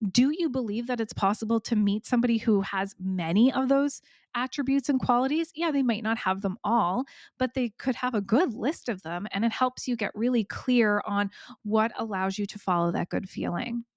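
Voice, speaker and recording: A woman's voice: a little high, normal speed, no room sound, clean studio sound. A woman hosting a podcast, giving encouraging coaching talk directly to the listener. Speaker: podcast host.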